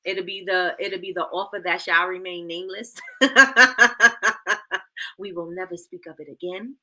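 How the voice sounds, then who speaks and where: A woman hosts a casual coaching livestream, talking straight to her chat and calling them y'all. Her voice is bright and forward. She is playful and loves to repeat a point. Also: on the low side, little pitch movement, fairly quick. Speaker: livestream host.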